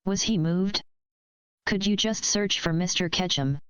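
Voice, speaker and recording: A woman reading aloud, voicing a young woman gym leader who is tense and short-tempered, speaking quietly with clipped edges. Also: on the low side, unhurried, clear, resonant tone, no echo, dull audio. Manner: quiet then clipped and hissing.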